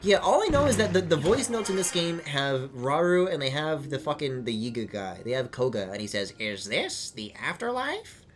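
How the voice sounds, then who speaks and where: A man streaming a video game, chatting casually, rambling and swearing, with sudden excited squeals. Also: a little high, a little fast, hardly any pauses, slight background noise. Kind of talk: casual live-stream commentary. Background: game music.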